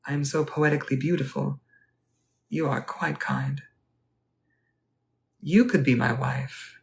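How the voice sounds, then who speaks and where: A man playing a genteel Edwardian gentleman. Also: medium pitch, fairly even intonation, measured pace, gravelly. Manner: formal, courteous, old-fashioned phrasing. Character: genteel Edwardian gentleman at a ball, polite and wistful. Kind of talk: live interactive character role-play.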